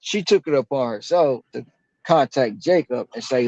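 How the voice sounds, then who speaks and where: A man, a delivery driver, telling a story in casual chat, slangy and animated, acting out quotes with big jumps in pitch. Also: moderate pace, no room sound. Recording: dull dry lo-fi sound.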